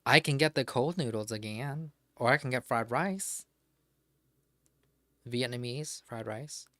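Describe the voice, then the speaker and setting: Male streamer, mid pitch, offhand rambling, casual swearing, close desk mic in a dry room. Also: unhurried, fairly bright tone, no room sound. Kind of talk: casual live-stream chat.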